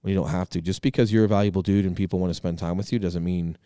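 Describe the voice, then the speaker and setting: Fast-talking deep-voiced man, emphatic. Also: clear, resonant tone, no echo, studio quality. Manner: energetic, emphatic, swears freely. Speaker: podcast co-host. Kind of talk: casual podcast chat.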